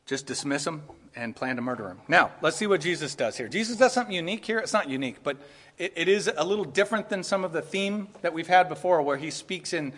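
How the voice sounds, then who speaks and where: A man preaches a sermon with a high-pitched voice, rising into emphatic bursts and breaking into laughter as he drives his points home. His voice carries a long reverb, as if filling a large hall. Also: expressive, quick pace, fairly bright tone. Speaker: pastor.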